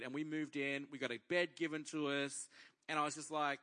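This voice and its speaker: A man in his thirties preaching, telling a personal faith story to a congregation as an animated storyteller who acts out his own inner dialogue. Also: on the high side, a little fast.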